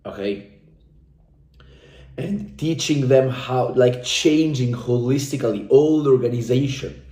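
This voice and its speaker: Young man, dark mellow tone, fervent repetitive testimonial, echoey room. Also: medium pitch, measured pace. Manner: intense, profane, repetitive, speaks from the heart. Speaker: coaching client giving a testimonial. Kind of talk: emotional motivational testimonial.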